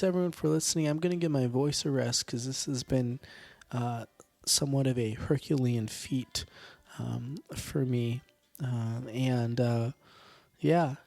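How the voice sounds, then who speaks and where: Hoarse rambling man hosting a podcast. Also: medium pitch, steady tone, a little mellow, no echo. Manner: rambling, self-deprecating, halting with fillers. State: hoarse from tonsillitis. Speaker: podcast host. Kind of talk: casual podcast sign-off.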